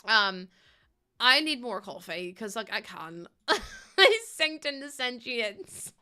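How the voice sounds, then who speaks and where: A woman's voice: fairly high pitch, big pitch swings, slow, bright, forceful tone, smooth. A young woman chatting casually with her live-stream viewers, bubbly and giggly. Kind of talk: casual live-stream chat while playing.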